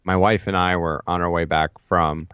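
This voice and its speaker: Man, low-pitched, lively interview guest on a dull, dry line. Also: clear, resonant tone, dry recording. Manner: energetic storyteller, quick asides and restarts. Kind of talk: casual interview chat.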